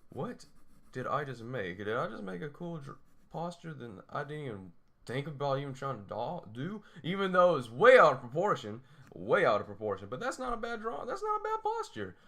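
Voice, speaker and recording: A man's voice: on the high side, very animated, brisk, gravelly, fairly bright tone. A young man rambling while he sketches, laughing often and mocking his own drawing. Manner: self-deprecating, laughs often, talks to himself. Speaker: drawing tutorial host.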